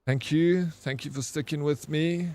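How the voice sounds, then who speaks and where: A man's voice: a little high, fairly even intonation, measured pace, a little mellow. A man with a South African accent talks loosely to his stream while he plays. He greets viewers by name and swears freely, in an easygoing, chatty way. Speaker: game streamer. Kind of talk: casual live-stream chat.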